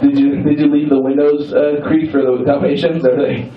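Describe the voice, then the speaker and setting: A man's voice: a little high, little pitch movement, moderate pace, distant mic. Young male comic riffing with a crowd. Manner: playful, crowd-teasing, swears freely. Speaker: stand-up comedian. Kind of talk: stand-up comedy set. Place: comedy club. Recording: roomy club sound from afar, dull. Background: audience laughter.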